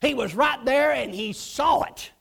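A man preaching a lively story, acting out voices and often shouting. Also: very high-pitched, a little slow, creaky, slightly rough. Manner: animated, acts out voices, shouts and laughs. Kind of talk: storytelling sermon.

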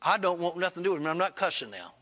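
Bright high-voiced preacher telling a story. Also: male voice, big pitch swings, very fast. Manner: retells dialogue with rising pitch, Southern colloquial grammar. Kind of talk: sermon storytelling.

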